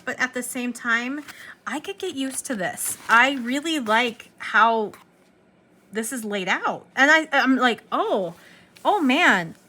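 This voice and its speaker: A woman's voice: sits high, pushed and bright, a little hiss or hum. A young woman vlogging about her planners in a rambling, self-interrupting casual chat. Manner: scattered, self-interrupting, talks to her dog.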